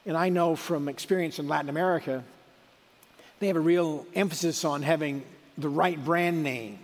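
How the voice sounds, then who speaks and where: A man's voice: a little high, steady tone, normal speed, in a large hall. A middle-aged man giving a sermon in a conversational, folksy way, with asides and restarts. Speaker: preacher.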